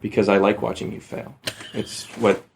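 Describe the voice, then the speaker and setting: Sarcastic low-voiced man reading. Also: flat delivery, normal speed, creaky, a little mellow, a little hiss or hum. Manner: sarcastic, mocking interruptions. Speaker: co-host reading aloud. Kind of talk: comedic book reading.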